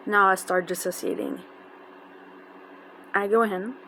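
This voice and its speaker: A woman with a tells an emotional personal story in a halting, casual way, with many fillers and restarts. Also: mid-range voice, steady tone, sharp tone. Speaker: fan telling a personal story. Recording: noisy background.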